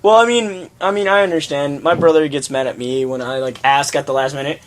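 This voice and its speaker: A young man co-hosting a casual, crude chat show, animated and laughing, jumping between topics. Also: a little high, fairly quick, slight background noise. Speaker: podcast co-host.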